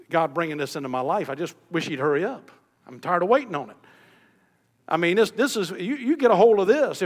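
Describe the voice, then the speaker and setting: A man preaching a sermon with a high-pitched voice that rings out with long reverb, as if from a church sanctuary. He pushes up into emphatic peaks, then falls back to quiet, low phrases. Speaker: pastor.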